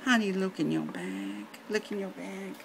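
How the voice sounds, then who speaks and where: A man's voice: sits high, very animated, normal speed, gravelly, fairly bright tone, a little hiss or hum, voice pushed up, heavily acted. A man voicing a bossy middle-aged woman nurse with a German accent, curt and commanding, in a comic story.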